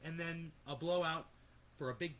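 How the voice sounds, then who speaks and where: A man's voice: a little high, moderate pace, fairly bright tone. A man hosting a livestream, chatting in a rambling, laid-back way and swearing casually. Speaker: livestream host.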